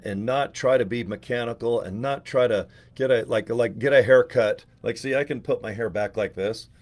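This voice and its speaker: A man in his forties talks straight to camera in a loose, rambling way, and his voice sits a little low. He cracks crude, self-mocking jokes and drops in curse words. He wanders off into asides and often restarts his sentences. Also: a little mellow. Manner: joking, profane, self-mocking. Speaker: network marketing affiliate. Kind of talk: casual rambling vlog monologue.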